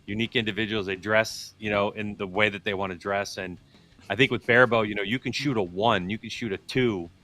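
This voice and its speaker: A man commentating archery in a relaxed, joking chat, telling stories with animated asides. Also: fairly low pitch, fairly quick.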